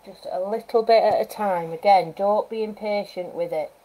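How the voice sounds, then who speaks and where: A woman wildlife artist giving a live painting demonstration, chatting and thinking aloud as she works, with gentle coaching asides. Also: medium pitch, moderate pace, poor audio. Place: art studio at home, live stream.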